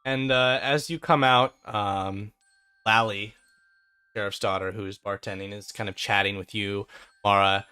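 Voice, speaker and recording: A game master narrating a tabletop role-playing game casually, with fillers and quick laughs. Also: sits low, fairly even intonation, bright, forceful tone, clear, resonant tone, dry recording.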